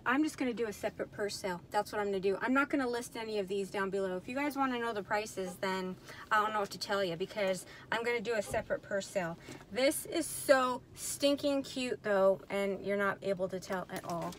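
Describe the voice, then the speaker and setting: A woman's voice: medium pitch, brisk, slight background noise. A woman chatting casually in a haul vlog, talking to herself, frustrated, addressing viewers as y'all and you guys. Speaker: purse reseller vlogger. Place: indoors at night, dim room.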